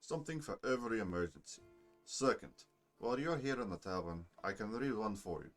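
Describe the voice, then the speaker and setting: A man voicing a scroll-selling merchant in a put-on Russian accent, slow and salesy. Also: fairly low pitch, animated, soft background music, close to an everyday voice.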